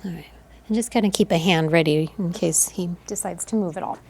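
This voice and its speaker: A woman's voice: on the low side, fairly quick, gravelly, breathy edge. A woman photographer talking through a newborn photo session in her studio, chatty and instructive. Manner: instructive, chatty, coos softly to the baby. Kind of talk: explaining a photo session on camera.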